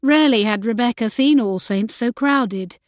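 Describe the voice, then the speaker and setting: A woman narrating a historical romance audiobook in a gentle, measured way. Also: on the high side, dry recording. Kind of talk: scripted narration.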